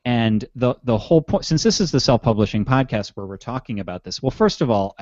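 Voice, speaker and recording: A man's voice: mid-range voice, expressive, brisk, a little mellow, no room sound, lo-fi sound. A man hosting a podcast in casual chat, rambling and mocking himself with frequent chuckles. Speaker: podcast host.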